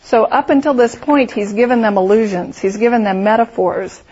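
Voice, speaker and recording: A woman's voice: fairly high pitch, normal speed, a little mellow, slightly rough, dull audio. A woman teaching a Bible study, explaining the text through vivid storytelling and imagined scenarios.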